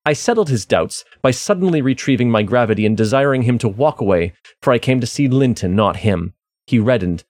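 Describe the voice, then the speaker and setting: A man's voice: lowish voice, a little mellow, no echo. A man discussing a novel casually and frankly, then reading passages from it aloud. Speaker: discussion participant.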